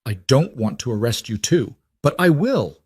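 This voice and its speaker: A man's voice: mid-range voice, very animated, normal speed, darkish tone, breathy edge, no echo, studio quality, pitched above the performer's own voice. A man voicing a stern, uneasy frontier sheriff with firm delivery. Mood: harsh.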